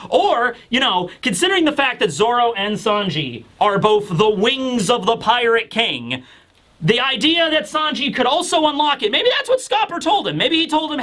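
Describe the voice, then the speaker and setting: A man talking casually as a manga reviewer, excitable, acting out the characters' quotes. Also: very high-pitched, moderate pace. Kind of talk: casual chat.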